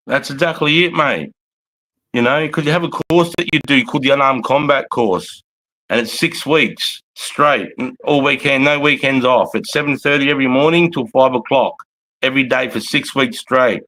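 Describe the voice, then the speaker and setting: A man's voice: medium pitch, moderate pace, bright, forceful tone. An Australian man, an army veteran, telling blunt, profane, rambling stories casually on a livestream.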